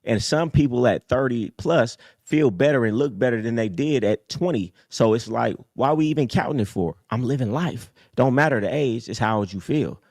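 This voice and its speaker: With a normal speed, few pauses and a slightly mellow voice, a streetwise host preaches hard on a casual livestream. He alternates low mutters with high, emphatic bursts, captured on a dry recording.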